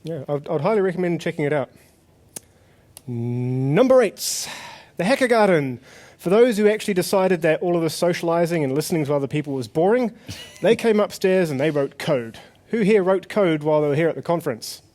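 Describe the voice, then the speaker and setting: A man's voice: fairly high pitch, expressive, fairly quick, darkish tone. A man co-hosting a live conference stage session, joking and bantering with the audience. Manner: jokey, playful, banters with audience. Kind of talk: comedic live stage presentation.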